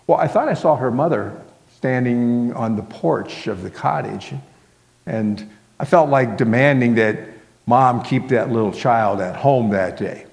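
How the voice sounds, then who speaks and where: A man's voice: mid-range voice, unhurried, gravelly, darkish tone. A male pastor telling a story in a sermon, in a folksy way that fills it with "well" and "kinda". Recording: long hall reverb.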